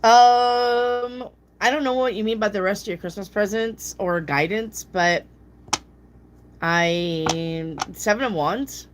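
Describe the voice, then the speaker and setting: A woman giving casual live tarot readings, answering viewer questions bluntly, swearing freely and mimicking people in a high voice. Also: a little slow, a bit bright, slight background noise.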